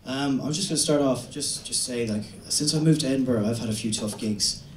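A young man from the west of Ireland with an Irish accent, doing a stand-up set in a halting, deadpan way with many restarts. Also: medium pitch, a little hiss or hum. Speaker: stand-up comedian. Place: comedy venue stage. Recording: roomy venue recording from a distance.

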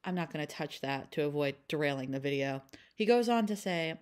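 A woman's voice: sits low, a little fast, smooth. A young woman hosting an educational commentary, blunt with sarcastic asides. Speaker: channel host.

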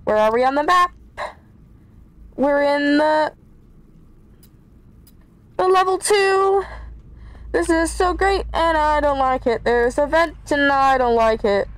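Streaming a horror game, this gaming YouTuber talks slowly in a high-pitched voice, leaving long pauses as she chats with viewers and gets easily frightened. It's let's play commentary on a low-quality recording with no room sound.

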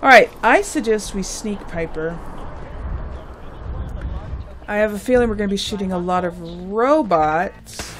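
A woman's voice: medium pitch, normal speed, pauses often, fairly bright tone, slight background noise. A woman hosting a let's play, giving gameplay commentary and thinking aloud with muttered asides.

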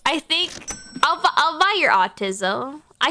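A woman's voice: high-pitched, sing-song, very slow, pauses often, pushed and bright, a little hiss or hum. A young woman streaming a game, chatting playfully and crudely as she greets and teases the customers. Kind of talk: live game-stream commentary.

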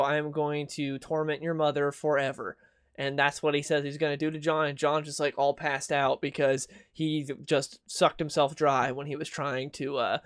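A young man rants in a casual, sarcastic way, slipping into mocking quoted voices now and then. His voice sits a bit high for a man. The recording is dry and close, with no room sound. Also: dry recording. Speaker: comic book video host. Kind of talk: casual opinion commentary.

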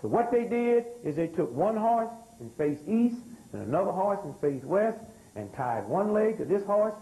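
A man's voice: high-pitched, big pitch swings, moderate pace, mellow, poor audio. Older man preaching with call-and-response. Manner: call-and-response, rhetorical questions. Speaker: speaker. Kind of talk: lecture to a live audience.

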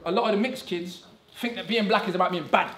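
Fast, bright man in a hall. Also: sits high. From England. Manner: animated and conversational, tags lines with "right?". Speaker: conference speaker. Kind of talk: public talk. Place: conference hall. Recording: echoey hall.

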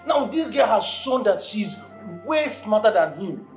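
A man's voice: sits high, very animated, measured pace. An actor playing a gossiping, incredulous male friend in a film drama, with a Nigerian accent and pidgin exclamations. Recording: echoey room, faint music.

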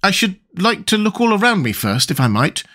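Polite little girl read by a man, gentle and raised in pitch, lively, audiobook. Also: a little fast, heavily acted. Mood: puzzled. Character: polite, curious seven-year-old girl. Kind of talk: audiobook character voice.

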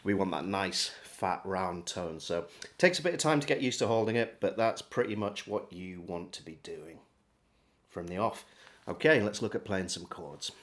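A man giving a relaxed, step-by-step beginner harmonica lesson. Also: sits low, normal speed, slight background noise. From England. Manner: friendly, relaxed step-by-step demonstrating. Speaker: harmonica teacher. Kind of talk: casual video lesson.

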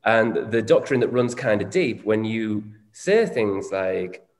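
A man's voice: fairly low pitch, animated, slow, darkish tone. Frank man in his forties. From Northern England. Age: 40s. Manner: frank, reflective, swears casually. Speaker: co-host. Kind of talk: candid conversational chat. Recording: echoey room with long reverb.

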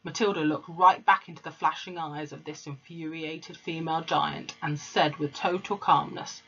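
A woman's voice: low-pitched, fairly even intonation, normal speed, few pauses, a bit bright, slightly rough. A woman, a teacher, reading a children's book aloud to her class in a casual way, with fillers and corrected slips. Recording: dull lo-fi recording.

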